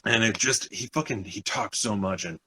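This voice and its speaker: A man's voice: fairly low pitch, normal speed, sharp tone, husky, low-quality recording. A young man co-hosting a podcast, telling a story in casual chat, acting out other people's lines and swearing often. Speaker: podcast co-host.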